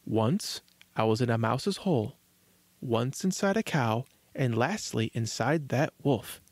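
A man voicing a plucky boy the size of a thumb, speaking high and urgently in a storybook reading. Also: expressive, measured pace, dry recording. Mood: sly, cheeky.

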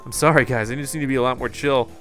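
Excitable young man commenting on gameplay. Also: mid-range voice, racing, soft background music. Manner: excitable, jumpy exclamations, talks to viewers. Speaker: gaming YouTuber.

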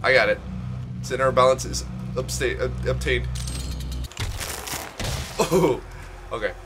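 A man's voice: mid-range voice, slow, noisy background. A young man streaming a video game, joking and swearing as he riffs on it, with game music behind him. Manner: joking, swearing, riffing on the game in silly quoted voices. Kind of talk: gameplay commentary.

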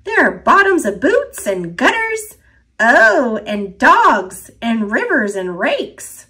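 A woman's voice: sits high, big pitch swings, slow pace, sharp tone, full character voice. A woman voicing a chirpy, know-it-all squirrel who lectures the leaves in a storybook reading. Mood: warning.

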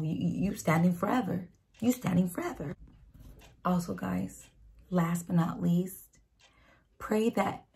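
A woman's voice: medium pitch, gravelly, a little mellow. A woman speaking casually to a camera about faith, in a slangy and emphatic way that repeats key lines. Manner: conversational, slangy, emphatic repetition. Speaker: Christian video speaker. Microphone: camera mic.

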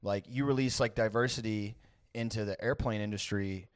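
Low-pitched guy on a comedy podcast egging his buddy on, dry close sound. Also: fairly even intonation, moderate pace, smooth, no room sound. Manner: eager, goading, riffing along with laughs. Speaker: podcast co-host. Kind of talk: satirical comedy chat.

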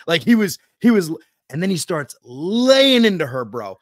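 A man hosting a podcast, telling work stories in a slangy, animated way and repeating himself as he goes. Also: high-pitched, moderate pace, no echo, studio quality. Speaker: podcast host in the HVAC trade. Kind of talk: casual podcast chat.

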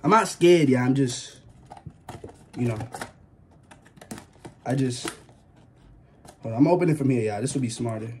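A nervous young man vlogs casually, jittery and yelping now and then while he keeps insisting he isn't scared. His medium-pitched voice is a little mellow, at a measured pace with long pauses, over slight hiss or hum.

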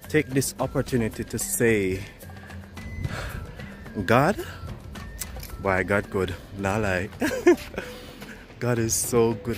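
A man, out of breath while vlogging a jungle hike to camera and calling viewers "guys". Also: lowish voice. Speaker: travel vlogger. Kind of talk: hiking vlog to camera. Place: outdoors in rainforest hills.

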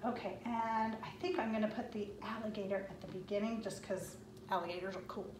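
A woman's voice: medium pitch, fairly even intonation, a little fast. A woman leading a children's music lesson, chanting animal words in rhythm and cheering the kids on. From Florida. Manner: encouraging, sing-song rhythmic chanting. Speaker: music teacher. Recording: echoey room with clear background noise.

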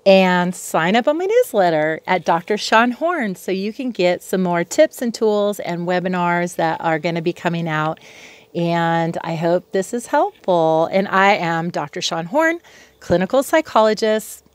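Her lowish voice is animated yet measured in pace, with no echo. A middle-aged clinical psychologist, she chats to camera from her home patio in a casual, educational way, drifting easily into tangents.

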